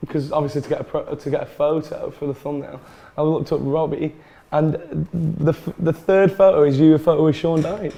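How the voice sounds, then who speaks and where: A man's voice: fairly high pitch, flat delivery, moderate pace, vocal fry, mellow. A man talking casually about a live football match as a fan, easygoing and laughing along, often restarting his sentences. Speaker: Burnley fan co-host.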